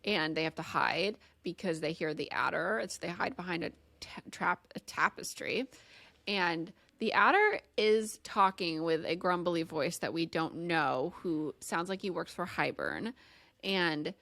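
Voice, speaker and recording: Low-voiced woman co-hosting a chatty podcast. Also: expressive, measured pace, creaky, a bit bright, no room sound. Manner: giggly, acts out characters' lines. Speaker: podcast co-host. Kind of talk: casual chat recapping a book.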